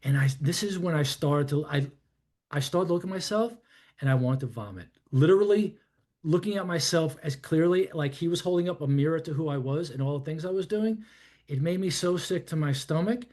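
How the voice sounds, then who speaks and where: A man's voice: fairly high pitch, a little fast, a little mellow. A man in his fifties from New York, telling his life story to a podcast host in a rambling, reflective way, with plenty of "you know" and "I'm like.". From New York, USA. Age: 50s. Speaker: podcast guest. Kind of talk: candid personal storytelling in conversation.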